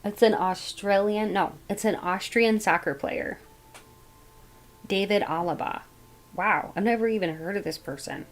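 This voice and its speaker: A woman giving a casual tarot reading, thinking aloud as she goes in a musing, unhurried way. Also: medium pitch, low-quality recording. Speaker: tarot reader.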